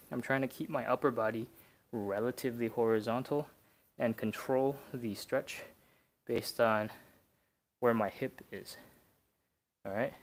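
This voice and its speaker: A young man coaching a relaxed, beginner-friendly stretch routine from home. He talks easily and encouragingly, walks through each position step by step, and counts the holds down out loud. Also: mid-range voice. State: out of breath. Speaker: stretching instructor. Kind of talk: live-streamed workout instruction.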